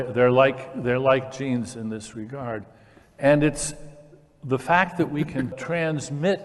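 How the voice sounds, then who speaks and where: A man in a public onstage discussion, speaking with enthusiasm and demonstrating his points as he explains. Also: mid-range voice. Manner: enthusiastic, demonstrative, with fillers and restarts. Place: large hall, in front of an audience. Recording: long hall reverb.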